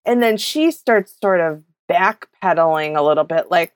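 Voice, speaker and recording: A woman's voice: fairly low pitch, expressive, moderate pace, hardly any pauses, no room sound. Rambling woman on a podcast. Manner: rambling, stammering, acts out quotes. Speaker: podcast co-host. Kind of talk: casual chat recapping a reality show.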